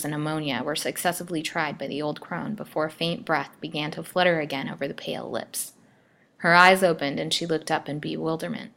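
A woman storyteller reading a melodramatic serial aloud with expressive delivery. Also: low-pitched, vocal fry. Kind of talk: scripted narration.

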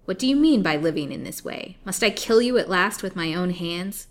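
A greedy old witch of a jailer, put on by a woman reading a storybook, who barks her taunts loud and scornful. The voice sits on the low side and snarls rather than speaks. Every line sounds like a threat. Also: animated, normal speed. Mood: menacing. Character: furious old hag jailer, cruel and greedy.

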